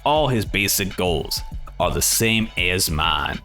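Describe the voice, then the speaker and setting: A man doing a gruff, low-voiced older fighter. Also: expressive, sharp tone, soft background music, heavily acted. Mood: grim. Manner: low, grim, measured.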